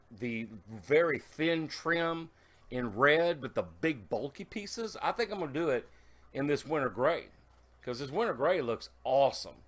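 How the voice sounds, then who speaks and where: Casual male vlogger, mid-pitched, rambling animated storyteller, camera mic in a workshop. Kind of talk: casual vlog chat.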